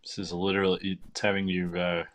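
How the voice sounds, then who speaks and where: Low-voiced tired man joking on stream. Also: a little fast. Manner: easygoing, joking, relaxed drawl. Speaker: co-host of a painting stream. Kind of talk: casual live-stream chat.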